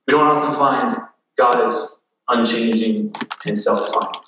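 Male pastor, sermon, bright clear tone, energetic and interactive, joking asides, echoey hall, heard from far off. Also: medium pitch, normal speed.

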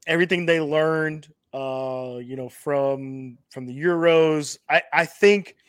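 A man's voice: fairly high pitch, fairly even intonation, slow pace, smooth, dry recording, studio quality. A man hosting a podcast, chatting casually about sports and reading out funding news, often repeating himself. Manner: hesitant, repeats himself, reads lists of funding rounds. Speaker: podcast host.

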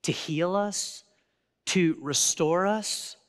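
A man's voice: high voice, very slow. A man preaching a sermon as pastor, earnest and conversational, often restarting his sentences. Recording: long reverb of a large hall.

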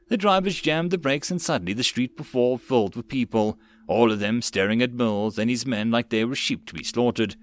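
A man reading a web novel audiobook in a plain, steady narrating manner with occasional slips. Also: medium pitch, fairly quick, few pauses.

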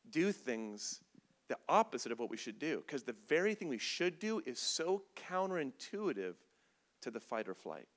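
Animated, bright-voiced male preacher. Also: fairly high pitch. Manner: animated, comedic, acts out scenes with voices. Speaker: pastor. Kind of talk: sermon.

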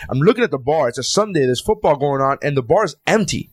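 Fast-talking, worked-up man telling a story. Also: mid-range voice, animated, husky. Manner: worked-up, indignant storytelling with heavy swearing. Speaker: podcast co-host telling a story. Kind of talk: casual chat.

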